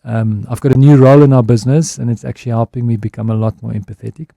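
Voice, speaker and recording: A man's voice: medium pitch, fairly even intonation, fast, vocal fry, warm tone, dry recording. A man speaking as a guest on a radio interview, talking in a reflective, candid way and often restarting his phrases. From South Africa. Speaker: guest, advertising executive. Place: radio studio. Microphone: studio microphone.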